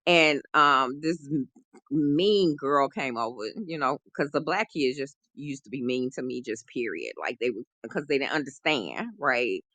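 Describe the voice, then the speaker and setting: Bright-voiced woman telling a story. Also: rumbling low, unhurried, dry recording. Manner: animated, acts out quoted voices, frequent "you know". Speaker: guest, relationship coach. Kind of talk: personal storytelling in conversation.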